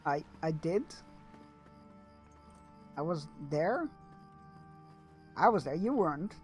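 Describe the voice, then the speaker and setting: A man streaming a fantasy game, reading quest dialogue aloud and breaking off with quick, reactive asides. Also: a little high, sing-song, faint music behind. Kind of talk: casual gameplay commentary.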